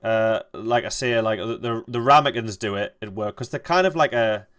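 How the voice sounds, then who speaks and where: A young man streaming a game, telling a rambling, halting story and swearing freely. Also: fairly low pitch, fairly bright tone, clean tone. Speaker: gaming streamer. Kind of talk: casual storytelling while playing.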